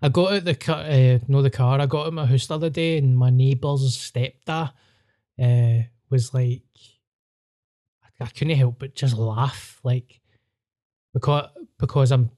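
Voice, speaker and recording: A comedian telling sweary, laughing stories in a casual podcast chat. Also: male voice, medium pitch, fairly even intonation, measured pace, dark tone.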